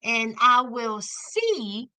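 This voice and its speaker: A woman hosts a casual recap livestream, talking straight to her viewers. Her voice sits high and bright, and she takes her time with each line. The sound is dry and close to the mic. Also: drawn-out words, no echo, poor audio. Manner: animated, talks to chat viewers by name. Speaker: recap show host.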